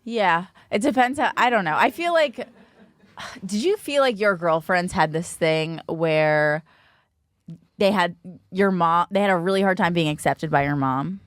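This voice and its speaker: A woman's voice: on the low side, a little slow, dry recording, studio quality. A young woman hosting a casual podcast, talking in a chatty, rambling way that often trails off mid-thought. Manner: chatty, rambling, self-questioning. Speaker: podcast host.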